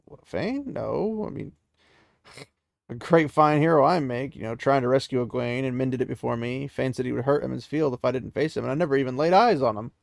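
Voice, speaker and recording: A man giving voice to a stubborn young hero, confused and resentful, with a gravelly edge and a dry, close sound, told as a casual spoken fantasy retelling. The figure speaks indignantly and barely hides his bitterness. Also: medium pitch, brisk, no echo, close to an everyday voice.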